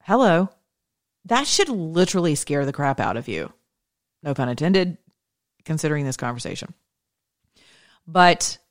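Low-voiced American woman telling a story. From United States. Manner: animated storytelling, quick asides and self-corrections. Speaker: host talking to her audience. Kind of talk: casual monologue.

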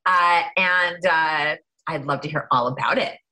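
A woman's voice: deep voice, unhurried, sharp tone, rough recording. A woman hosting an interview, asking a guest friendly, prompting questions. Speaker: interviewer host.

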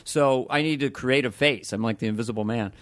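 An older man in his sixties, chatting casually as a comedian guest on a podcast. He talks in an animated way, breaking into voices mid-story. The sound is dry and close, with no room in it. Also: medium pitch, fairly quick, no room sound.

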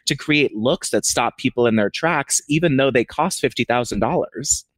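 A man's voice: mid-range voice, moderate pace, no echo. Wry man chatting about TV. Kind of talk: casual pop-culture chat.

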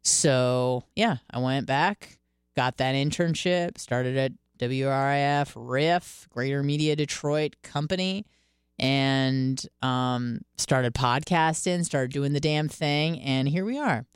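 A woman in her twenties hosting a radio podcast, telling candid stories in a casual, profane, animated way. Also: extremely low pitch, takes it slowly, clear, resonant tone, no room sound, clean studio sound. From Michigan, US. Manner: candid, profane, animated storytelling with quoted self-talk. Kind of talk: casual monologue.

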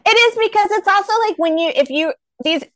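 A woman guest on a podcast, high-pitched and laughing easily as she riffs in casual chat. Her voice is close and dry. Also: lively intonation, fairly quick, no room sound. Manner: laughs often, agrees and riffs.

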